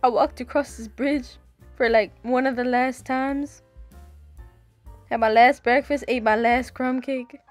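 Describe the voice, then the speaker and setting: A woman's voice: high voice, fairly even intonation, a little slow, soft background music. A young woman in her late teens narrating her vlog in a chatty, gushing way. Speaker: vlogger.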